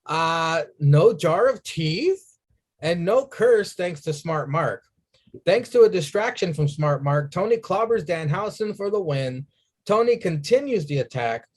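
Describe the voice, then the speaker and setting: A man co-hosting a casual wrestling podcast, recapping matches in an unhurried way with many fillers. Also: sits high, expressive, a little mellow. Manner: unhurried, filler-heavy recap with dry asides. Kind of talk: casual chat.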